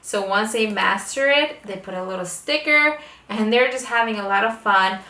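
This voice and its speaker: In a to-camera lesson, a homeschooling mom describes how she gets her kids reading, talking at a slow, deliberate pace and exaggerating each letter sound. She speaks at a medium pitch with a sharp edge, and the room is echoey with the microphone a bit distant.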